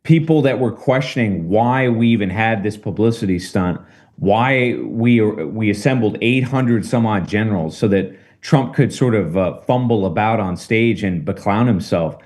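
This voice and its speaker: A man with a lowish voice speaking in a casual political discussion. He builds his points steadily and leans on rhetorical questions. His delivery is measured but emphatic. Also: darkish tone. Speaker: political commentator.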